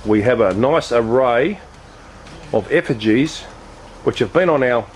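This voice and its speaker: A man's voice: mid-range voice, lively intonation, measured pace, slight background noise. An Australian man in a comedy sketch, playing a shopkeeper with mock salesman patter.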